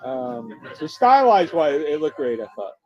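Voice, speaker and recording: Man, casual chat, halting, lots of fillers, muffled lo-fi sound. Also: fairly high pitch, sing-song, soft background music. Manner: halting, many fillers and restarts while recalling films. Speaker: co-host reviewing festival films. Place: bar or restaurant. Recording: dull lo-fi sound in a noisy bar.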